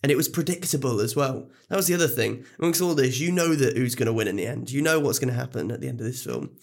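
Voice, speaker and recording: A man's voice: medium pitch, lively intonation, quick pace, creaky. A man co-hosting a casual film podcast, laughing often and trailing off mid-thought. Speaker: podcast co-host.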